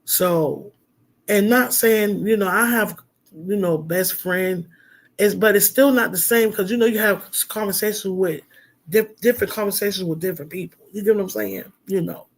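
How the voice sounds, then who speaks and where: A man's voice: high voice, moderate pace, vocal fry. A middle-aged man, a minister, talking heartfelt and rambling on a casual livestream, with lots of fillers.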